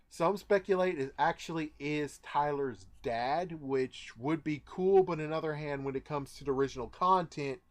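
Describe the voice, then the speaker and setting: A young man casually reviewing an action figure, chatty and rambling with lots of asides. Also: on the high side. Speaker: toy reviewer. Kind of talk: casual toy review vlog.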